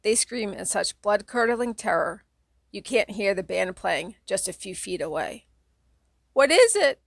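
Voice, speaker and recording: A woman narrates a children's horror book in the second person, dramatic and steady. Her voice carries a gravelly fry, at an ordinary pitch for a woman. The recording is dry and close. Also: a little slow, dry recording. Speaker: audiobook reader.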